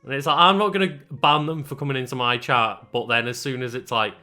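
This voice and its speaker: Let's play co-host: man, bright tone, halting casual commentary, faint game music underneath. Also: medium pitch, fairly even intonation. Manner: hesitant, full of fillers and restarts.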